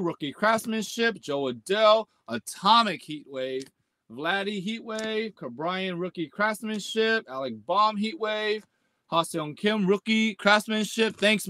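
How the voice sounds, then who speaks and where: A man hosting a card-break stream in a slangy, excitable way, with plenty of casual exclamations. His voice sits a little high for a man, and he talks slowly overall. The sound is dry and close, with almost no room. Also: no room sound. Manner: excitable, groans and shouts at pulls, reads hits in a rapid list; slangy, repeats "man" and "let's go".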